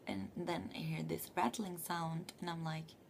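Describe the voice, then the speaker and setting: A young woman telling a story late at night from her bedroom, speaking in a hushed half-whisper and swearing freely. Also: low-pitched, animated, unhurried, vocal fry, slight background noise. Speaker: vlogger living abroad.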